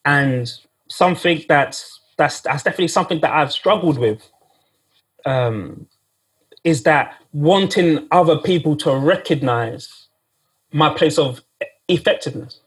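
A man's voice: a little high, measured pace, slightly rough. A man preaching a sermon in a casual, conversational way, often repeating himself and speaking straight to "guys".

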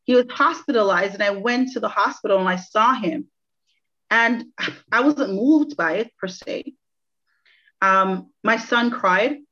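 A woman's voice: mid-range voice, measured pace, sharp tone. A woman guest sharing a personal faith testimony in an interview, earnest and reflective, repeating phrases for emphasis. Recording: dull lo-fi audio.

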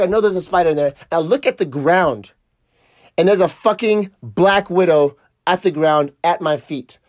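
A middle-aged man hosting a podcast, telling a story in a casual, profane, animated way. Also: sits high, no echo, studio quality. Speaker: podcast host.

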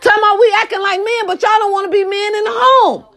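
A woman ranting to camera, blunt and profane, firing rhetorical questions and swinging between shouting and low muttered asides. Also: fairly even intonation, fast, gravelly. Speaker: social media commentator. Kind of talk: impassioned rant to camera.

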